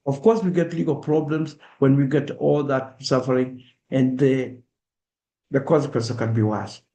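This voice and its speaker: Man, Kenyan accent, mellow voice, earnest, emphatic public talk. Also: mid-range voice, fairly even intonation, moderate pace, echoey room. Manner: earnest, emphatic, urging listeners. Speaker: speaker.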